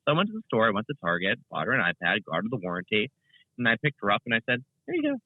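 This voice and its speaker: A man's voice: lowish voice, expressive, very fast, no echo. A young man, a guest content creator, chatting casually in an interview, rambling with many fillers and restarts over a remote call. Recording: tinny phone-like line.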